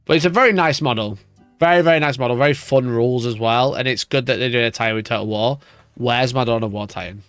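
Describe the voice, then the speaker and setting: A man's voice: medium pitch, fast talker, fairly bright tone, smooth, no echo, faint music behind. A man hosting a wargaming live stream, ranting in mock outrage and swearing as he reads and reacts. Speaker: wargaming channel host. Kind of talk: casual live-stream chat.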